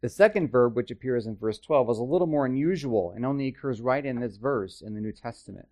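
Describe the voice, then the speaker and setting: A man's voice: medium pitch, fast talker, darkish tone. A man teaching a Bible study in a conversational way, with chatty, self-deprecating asides and frequent checks with his listeners.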